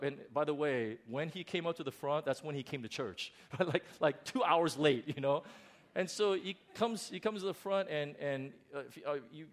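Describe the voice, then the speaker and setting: Middle-aged male pastor, lively storytelling sermon voice, frequent false starts. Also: medium pitch. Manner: animated storytelling with many restarts. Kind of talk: sermon testimony.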